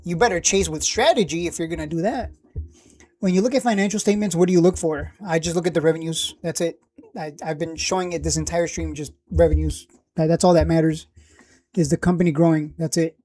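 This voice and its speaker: Man, stock live-stream host, casual, laid-back, repeats himself, warm low tone. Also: steady tone, brisk. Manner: laid-back, repeats himself, talks while clicking through screens.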